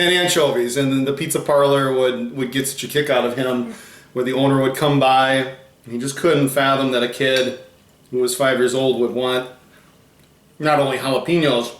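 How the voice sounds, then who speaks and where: A man's voice: mid-range voice, echoey room. A man hosting a food tasting video in casual chat, explaining facts he reads off the packaging. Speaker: host of a food challenge channel.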